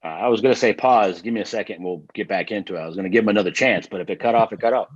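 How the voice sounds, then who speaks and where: A man talking quickly as a podcast guest, with a husky voice and a casual, enthusiastic manner. The audio is dull and slightly lo-fi. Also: lowish voice. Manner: enthusiastic, laughs easily.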